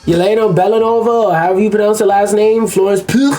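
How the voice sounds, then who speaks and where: A man's voice: sits high, fairly even intonation, fast talker, mellow, faint music behind. A man giving casual, crude reaction commentary, rambling and stumbling over names as he reads through a list. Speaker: commentary YouTuber.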